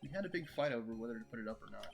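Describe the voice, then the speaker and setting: A man's voice: medium pitch, animated, very fast, gravelly, music in the background. A man streaming a video game, reading its dialogue aloud in a casual, wry way. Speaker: let's play streamer.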